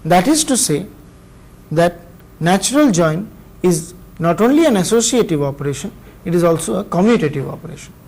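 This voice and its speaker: Higher-pitched Indian-accented male lecturer. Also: animated, creaky, darkish tone, husky, poor audio. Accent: Indian English. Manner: measured, explanatory, pauses between phrases. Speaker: university lecturer. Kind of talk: recorded classroom lecture.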